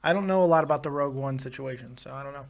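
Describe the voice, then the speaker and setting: A man's voice: mid-range voice, rapid-fire, gravelly. A man hosting a live stream show, loose and joking, laughing often and swearing as he chats with callers and viewers. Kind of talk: casual live-stream chat.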